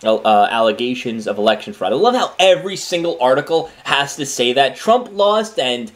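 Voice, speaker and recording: A man's voice: mid-range voice, expressive, normal speed. A man reading news articles aloud and breaking off into opinionated, scornful commentary, with many fillers and restarts. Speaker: political commentator.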